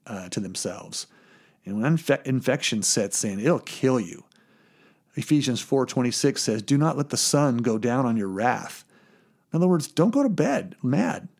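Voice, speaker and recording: A man's voice: mid-range voice, a little mellow. A man preaching a sermon as pastor, earnest and plainspoken, often repeating words as he thinks.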